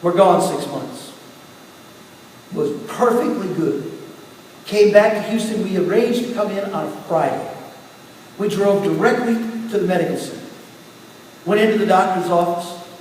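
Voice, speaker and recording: A middle-aged man pastor preaching a sermon with personal testimony, telling his story in turns quiet and emphatic. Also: sits high, moderate pace, long pauses. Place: church sanctuary. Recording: echoey hall from far off, faint hiss.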